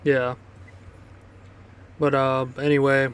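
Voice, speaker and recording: A man's voice: mid-range voice, little pitch movement, takes it slowly, a little hiss or hum. A man co-hosting a music podcast, rambling casually with loose swearing and many fillers. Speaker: podcast co-host. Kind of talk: casual chat.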